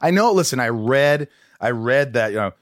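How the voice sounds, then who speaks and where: A man hosting a podcast, telling stories animatedly and yelling out quoted lines in casual chat. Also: medium pitch, moderate pace, no room sound, clean studio sound. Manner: animated storyteller, yells when acting out quotes. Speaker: podcast host.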